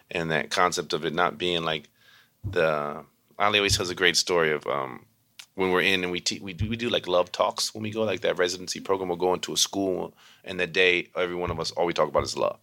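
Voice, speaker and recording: A man who teaches meditation, telling community stories in a casual, animated way, acting out quoted people in a high voice. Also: fairly quick, creaky. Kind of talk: casual storytelling interview.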